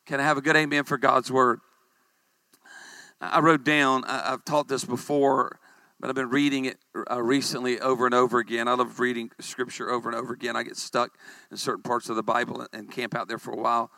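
A man, a pastor, preaching a humorous sermon with animated storytelling and calls for amens. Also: mid-range voice, quick pace, gravelly, no echo.

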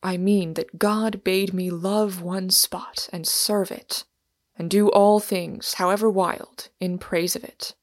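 A woman voicing a solemn, weary male pilgrim in an audiobook reading, speaking gravely and often half-whispering. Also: lowish voice, little pitch movement, a little slow, dry recording, clean studio sound. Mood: vehement.

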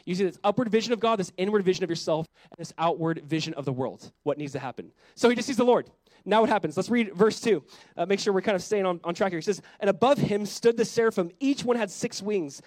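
A male pastor preaching at a fast clip in a high, lively voice, throwing questions at his listeners and then sinking to a hushed tone for reflective points. The sound is dry and close, with almost no room echo. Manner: animated, rhetorical questions to the congregation; drops to a soft, quiet voice on reflective lines. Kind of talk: sermon.

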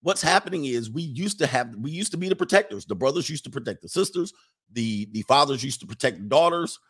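Animated man mocking in impressions. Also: mid-range voice, brisk, breathy edge. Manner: colloquial, repeats "all right". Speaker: commentator. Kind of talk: casual monologue.

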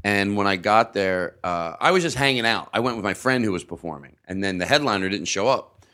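Male comedian, lowish voice, loose rambling podcast storyteller with quick character bits. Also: expressive, pushed and bright. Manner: rambling, restarts and acts out quoted voices. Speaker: comedian guest. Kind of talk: casual podcast chat.

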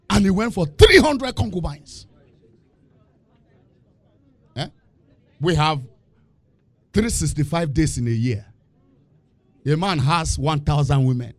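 A man preaches with a lively, swooping voice, firing questions at his listeners and breaking into laughter. He takes his time, pausing between phrases. The sound is close and dry. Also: fairly high pitch, no room sound. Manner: animated, call-and-response questions, laughing asides. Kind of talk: sermon.

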